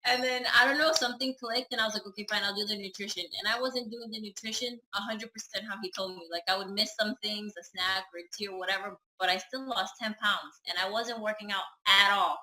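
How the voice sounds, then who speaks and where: A woman's voice: medium pitch, fairly even intonation, a little fast, hardly any pauses, pushed and bright, echoey room, rough recording. A woman chatting casually through a personal story, acting out the dialogue as she goes. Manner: chatty, acts out her own and others' dialogue.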